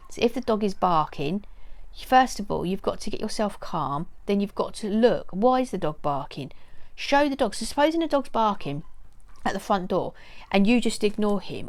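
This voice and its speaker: A middle-aged woman giving casual advice to camera, earnest and repeating her key points. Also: medium pitch. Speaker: dog owner giving training advice.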